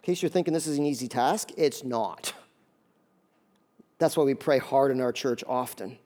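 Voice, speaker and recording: A male pastor giving a conversational sermon with jokey asides and lively emphasis. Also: medium pitch, normal speed.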